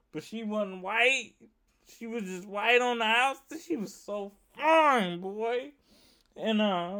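A man's voice: high voice, fairly bright tone. A young man doing stand-up comedy, telling rambling, profane stories and repeating his punchlines.

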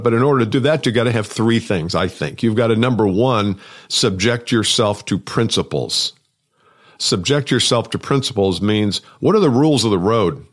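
A man, a sales and business coach, talks alone on his podcast in an energetic, conversational way, often repeating words for emphasis. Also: lowish voice. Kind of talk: solo podcast monologue.

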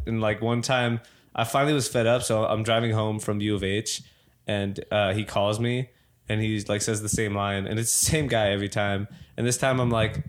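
A man's voice: lowish voice, fairly even intonation, a little fast. Young man, casual chat, rambling storyteller, filler-heavy, acts out quoted voices.

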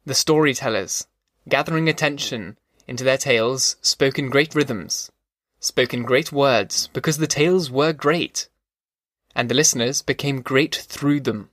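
A man reads literary narration in a measured, rhythmic cadence, at a middle pitch. The recording is dry and close, with no room sound around the voice. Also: fairly bright tone, no room sound. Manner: slow, measured, rhythmic reading. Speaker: audiobook narrator.

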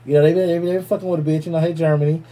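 Male podcast host, warm dark tone, loose and profane casual banter. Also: on the high side, fairly even intonation, racing. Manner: loose, profane, playful shout-outs. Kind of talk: casual chat.

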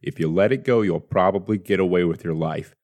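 A man's voice: low voice, fairly quick, darkish tone. A man, a player in a tabletop game, speaking in character with exaggerated pleading.

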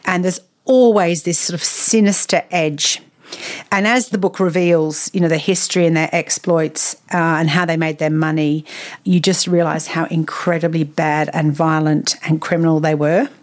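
A woman's voice: low voice, steady tone, moderate pace. A woman chatting enthusiastically about a novel she read, laughing now and then. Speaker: book reviewer. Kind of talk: casual book chat.

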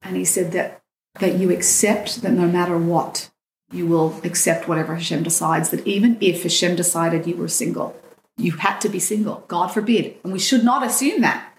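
A woman's voice: fairly low pitch, moderate pace, gravelly, echoey room, slight background noise. A woman guest on a podcast, telling a personal story with feeling and acting out the lines of the people in it. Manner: animated, acts out quoted dialogue. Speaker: dating coach guest.

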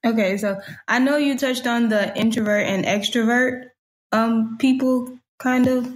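A woman's voice: on the high side, steady tone, unhurried, rough recording. A young woman, a student, asking a question hesitantly with fillers. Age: young adult. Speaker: student guest.

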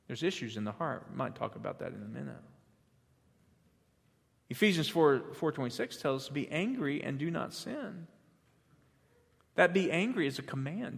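Guy preaching in church, kinda high voice, goes from quiet to loud, lots of restarts, big hall echo. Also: creaky. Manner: builds from quiet teaching to loud emphatic preaching, with repeated restarts. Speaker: pastor. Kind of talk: sermon.

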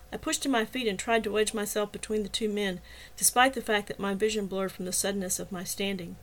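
Brief: female author-narrator, measured and softly expressive, audiobook reading. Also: medium pitch. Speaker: author reading her own novel.

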